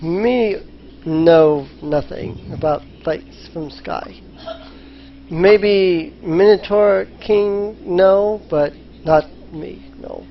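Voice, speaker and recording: A man voicing a gruff male minotaur captive who talks in broken, simple grammar, on a slightly muffled recording with faint noise. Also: high-pitched, extremely slow, full character voice. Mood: dismissive. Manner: speaks in broken caveman grammar.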